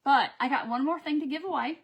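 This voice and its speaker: Chatty high-voiced woman. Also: fast talker. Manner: chatty and affectionate, reads viewer names aloud. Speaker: craft seller hosting a live video. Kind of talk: casual live-stream chat.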